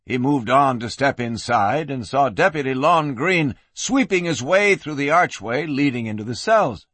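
A man narrating an audiobook with expressive storytelling. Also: mid-range voice, moderate pace, dry recording.

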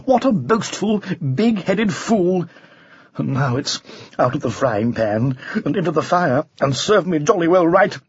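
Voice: mid-range voice, animated, measured pace, slightly rough, dry recording. A reader voicing a clumsy, boastful male knight, indignant and self-pitying, in a storybook reading. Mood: miserable. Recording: dull lo-fi recording.

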